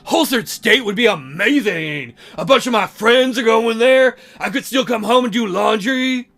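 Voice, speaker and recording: A man's voice: extremely high pitch, moderate pace, creaky, fairly bright tone, faint music behind, exaggerated voice. A man voicing a sulky, upset teenage son who talks back defensively. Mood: whiny.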